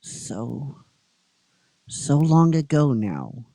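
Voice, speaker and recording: A man voicing a grim, solemn male monster warrior in armor, speaking in slow, heavy, formal phrases. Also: mid-range voice, steady tone, dry recording, natural voice, poor audio. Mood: wistful. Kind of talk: storytelling with acted voices.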